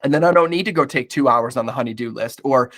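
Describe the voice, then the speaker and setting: A man's voice: mid-range voice, quick pace, a bit bright. A man talking candidly as a podcast guest, blunt and emphatic, swearing often and calling the listener "bro".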